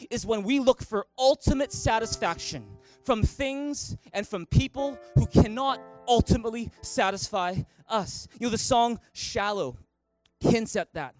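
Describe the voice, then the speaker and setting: A man preaching as a pastor in a church, passionate and driving his points home with repeated rhetorical questions. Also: high-pitched. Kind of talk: sermon.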